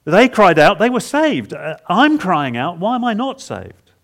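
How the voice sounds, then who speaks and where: At a conference, a man delivers an expository sermon, dramatically retelling a psalm in the first person and halting to repeat words for emphasis. His voice sits high and carries a sing-song lilt.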